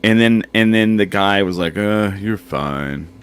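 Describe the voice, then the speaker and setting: A man's voice: fairly low pitch, unhurried, clean tone. A man hosting a casual podcast chat, telling stories, laughing often and reading comments from the audience chat. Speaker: podcast host.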